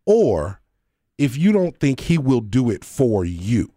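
A man hosting a faith-based talk show, explaining ideas with examples and pressing his guest to slow down and repeat key points. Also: medium pitch, sing-song, mellow, dry recording, clean studio sound. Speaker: podcast host.

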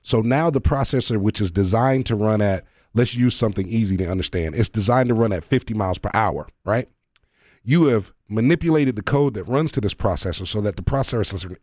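Animated man hosting a faith talk show. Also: on the low side, dry recording, studio quality. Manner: animated, explains with examples, presses guest to repeat points. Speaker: podcast host.

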